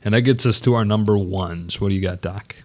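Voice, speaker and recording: Low-voiced man hosting sports chat. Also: a little fast.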